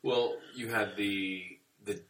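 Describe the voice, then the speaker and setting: A man's voice: on the low side, fairly even intonation, measured pace, a crowd in the background. A man co-hosting a casual podcast chat about a TV episode, talking in an easygoing way. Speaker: podcast co-host. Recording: echoey room, distant mic.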